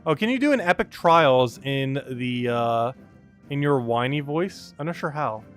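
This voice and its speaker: A man's voice: mid-range voice, expressive, a little slow, faint music behind. A man streaming a game live, chatting casually, reading and greeting chat, and laughing often.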